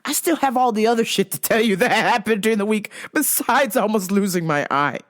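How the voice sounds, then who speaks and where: Brief: exasperated, profane woman telling a comic story, very animated pitch. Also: brisk. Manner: profane, exasperated, laughing at herself. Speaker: podcast host. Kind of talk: comedic storytelling.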